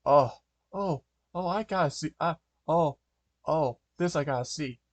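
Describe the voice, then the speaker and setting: An excitable young woman gasps and exclaims at every surprise, as a man reading aloud puts her on. The voice jumps well above his usual register, thin and squeaky, recorded close and dry. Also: a little slow, dry recording, natural voice. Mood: excited. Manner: high, squeaky, breathless exclamations.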